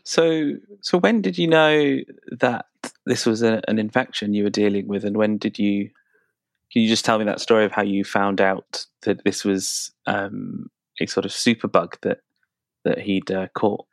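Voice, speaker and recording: A man's voice: lowish voice, fairly even intonation, moderate pace, no room sound. A man hosting a podcast interview, asking questions with many restarts and repeated words. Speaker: podcast host.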